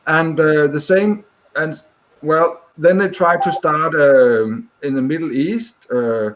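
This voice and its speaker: A man from Scotland, speaking with a fairly high voice. He talks in a halting way, stopping often to search for words as a guest on a chat show. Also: a little hiss or hum. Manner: hesitant, full of pauses and "uh"s. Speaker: guest caller. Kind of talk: casual chat.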